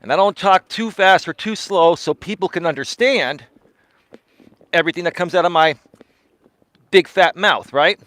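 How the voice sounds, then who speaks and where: A man hosts a live stream as he walks, coaching and talking straight to his viewers. His voice sits a little high and sounds dry and close. He leans hard on words, repeats himself and keeps checking in with "right?". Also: normal speed, pauses often, fairly bright tone, no echo. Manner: emphatic, repeats words, tags lines with "right?", laughs often. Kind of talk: casual livestream monologue. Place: walking outdoors during a live stream.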